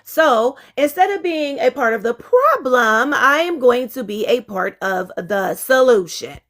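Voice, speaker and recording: Chatty high-voiced woman hosting a live stream. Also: very animated, a little slow, fairly bright tone. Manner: chatty, frank, laughs easily, exasperated asides. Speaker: relationship intimacy coach. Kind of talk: casual live-stream talk.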